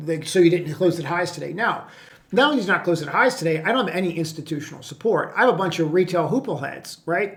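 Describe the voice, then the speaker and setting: A man's voice: high voice, gravelly, a bit bright. A man with a slightly raised voice talks through stock charts as a trading coach. His delivery is brash and blunt, casual and full of restarts as he explains his reasoning. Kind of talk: screen-share market commentary.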